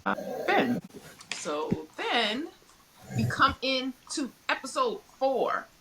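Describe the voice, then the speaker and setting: A middle-aged woman co-hosting a casual podcast, animated and quick to laugh as she recaps a TV show. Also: high voice, slight background noise, rough recording. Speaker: podcast co-host. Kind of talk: casual pop-culture chat.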